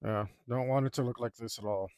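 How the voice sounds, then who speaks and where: A man's voice: mid-range voice, fairly even intonation, a little fast, darkish tone, clean tone, dry recording, clean studio sound. A man, a digital artist, chatting casually while he draws, rambling with lots of fillers and repeats. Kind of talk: casual chat while drawing.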